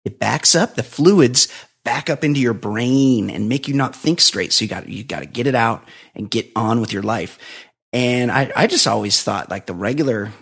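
Husky-voiced man in casual chat. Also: medium pitch, lively intonation, moderate pace, a bit bright. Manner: rambling, laughs often. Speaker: podcast co-host.

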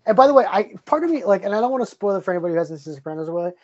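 A man's voice: high-pitched, expressive, racing, dry recording, muffled recording. A man hosting a podcast in casual chat, enthusiastic and full of fillers and restarts. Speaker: podcast host.

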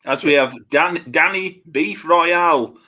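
A man's voice: on the high side, a little slow, slight background noise. A man, co-hosting a casual podcast, telling stories with frequent laughter. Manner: laughs often, animated storytelling. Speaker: podcast co-host. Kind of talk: casual chat.

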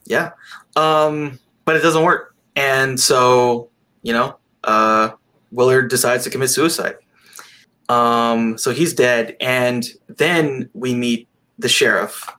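A man in easy conversation about a film he has just seen. He rambles and talks with animation, throwing in a casual curse here and there. His voice sits at an ordinary middle pitch. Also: steady tone, takes it slowly, pushed and bright. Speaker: podcast co-host. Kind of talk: casual movie review chat.

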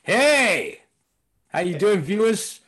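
A comedian guest chatting playfully over a video call, rambling and laughing often. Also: male voice, high voice, moderate pace, a little hiss or hum. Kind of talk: casual comedic chat.

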